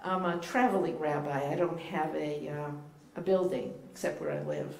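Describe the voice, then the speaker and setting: A woman's voice: deep voice, fairly even intonation, moderate pace, creaky, a little mellow. A woman with a Boston accent giving a playful, teacherly sermon as a guest rabbi, with frequent ums and uhs. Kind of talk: informal sermon to a congregation. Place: church sanctuary. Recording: echoey room, faint background noise.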